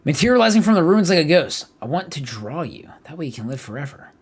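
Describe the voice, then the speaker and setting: A man reading a game aloud and voicing a spectral male apothecary who speaks quietly. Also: on the high side, very animated, quick pace, full character voice. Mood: soft. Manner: quiet, breathy. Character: ghostly male apothecary, odd and soft-spoken.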